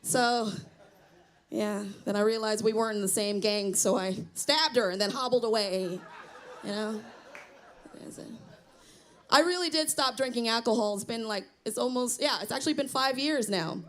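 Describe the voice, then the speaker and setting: A woman's voice: a little high, moderate pace. A middle-aged woman doing a self-deprecating stand-up comedy set on a small theater stage, chatting with the crowd. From Cambodian heritage.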